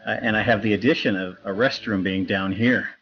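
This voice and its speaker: Low voice dude chatting from his basement, kinda dull muffled mic. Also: steady tone, fairly quick. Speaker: player. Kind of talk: casual chat. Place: home basement.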